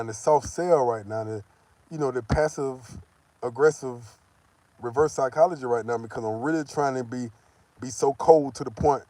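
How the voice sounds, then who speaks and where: Profane, animated male storyteller. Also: mid-range voice, no echo. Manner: profane, animated, acts out the people he quotes. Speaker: vlogger. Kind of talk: casual storytelling.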